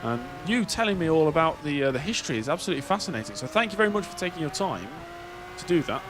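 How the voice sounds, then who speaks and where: A man's voice: a little high, very animated, fast, over music. A man putting on an overly polite, fawning voice for a pretend conversation. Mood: gushing. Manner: effusive, eager, fawning.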